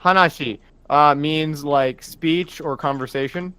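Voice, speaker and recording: A man's voice: a little high, unhurried, bright, forceful tone, clean tone. A man on a live stream patiently explaining Japanese words and grammar in casual chat.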